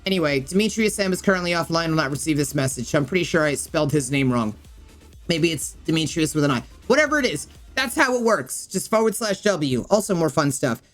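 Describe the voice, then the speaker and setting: A woman's voice: sits low, lively intonation, a little fast, soft background music. A woman streamer walking viewers through game settings in a rambling, casual way, often thinking aloud with fillers. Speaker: gaming streamer and YouTuber.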